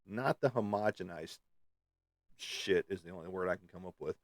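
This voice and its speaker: A man's voice: deep voice, moderate pace, no echo, studio quality. A middle-aged man from the United States chatting casually as a podcast host, rambling with many ums and uhs. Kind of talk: casual chat.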